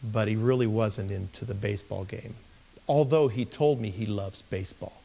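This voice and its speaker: A male pastor telling a story in a sermon, animated and given to bursts of excitement. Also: moderate pace, creaky. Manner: animated, bursting into excited shouts at high points.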